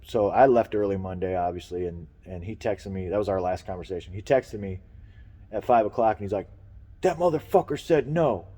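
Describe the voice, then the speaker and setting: Cast: low-voiced man, rambling, profane vlogger venting about work, casual delivery. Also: fairly even intonation, brisk, mellow, big-room sound.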